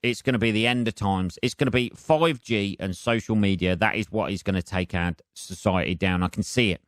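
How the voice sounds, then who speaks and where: Guy doing a solo podcast rant, swears loads, low smooth voice, pokes fun at himself. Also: fairly quick, no room sound, clean studio sound. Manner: sweary, rambling, self-mocking. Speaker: podcast host. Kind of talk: solo rambling podcast monologue.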